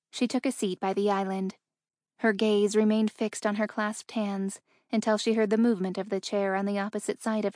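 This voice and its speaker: A woman narrating an audiobook in an even, measured storytelling voice. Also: medium pitch, no room sound, clean studio sound.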